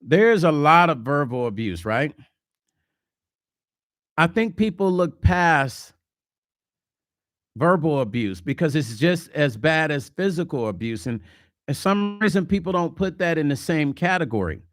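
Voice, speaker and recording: Man, casual livestream host, chatty and animated, slightly high voice, dry close-mic sound. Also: a little slow, pauses often, no echo. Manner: chatty, animated, slips into mock quotes. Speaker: vlog host. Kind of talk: casual livestream chat reading comments.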